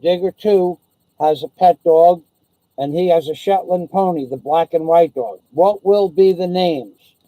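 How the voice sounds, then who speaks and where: A man's voice: on the high side, measured pace, no room sound, rough recording. Crude ranting male vlogger. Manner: crude, loud, rambling. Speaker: YouTube vlogger. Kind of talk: profane comedic rant.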